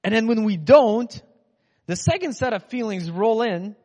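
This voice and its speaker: A man's voice: high voice, animated, moderate pace, darkish tone. A man from Russia giving a casual, chatty sermon in a rambling, conversational way. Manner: chatty, rambling, acts out inner voices. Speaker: preacher. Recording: dull sound with long hall reverb.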